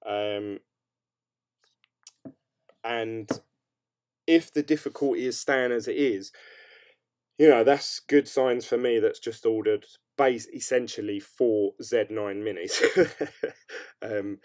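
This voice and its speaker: Mellow-voiced man rambling on a livestream. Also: medium pitch, takes it slowly, pauses often. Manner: rambling and upbeat, full of hedges and "um"s. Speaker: crypto mining streamer. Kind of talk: casual late-night livestream chat, reading viewer comments.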